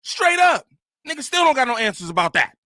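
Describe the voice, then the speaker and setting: A man's voice: very high voice, very animated, racing, sharp tone, no room sound, studio quality. A man hosting a reaction channel, giving joking, slangy commentary. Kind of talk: casual commentary.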